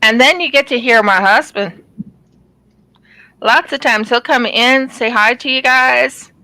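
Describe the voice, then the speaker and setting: Brief: chatty woman craft vlogger, rambling and casual, bright tone, dry close sound. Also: on the high side, unhurried, no echo, rough recording. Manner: rambling, chatty, many ums and restarts. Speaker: craft channel host. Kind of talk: casual chat while diamond painting.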